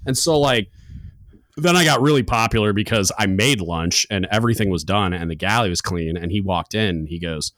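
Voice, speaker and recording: A low-pitched man hosting a podcast, telling a long story in loose, casual chat. He jumps into the voices of the people in his story with lively swings. The sound is dry and close, with no room in it. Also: brisk, no room sound. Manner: animated, acts out quoted voices. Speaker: podcast host.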